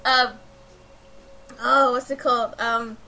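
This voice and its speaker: A woman's voice: a little high, flat delivery, slow, gravelly, pushed and bright, faint music behind. A woman chatting casually about video games, giggly and rambling with many hesitations.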